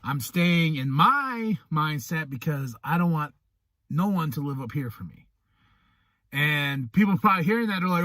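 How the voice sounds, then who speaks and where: A man's voice: a little high, normal speed, no room sound, studio quality. A man hosting a podcast, talking casually and animatedly, acting out what other people say. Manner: animated, acts out quoted people. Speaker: podcast host. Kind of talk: casual monologue.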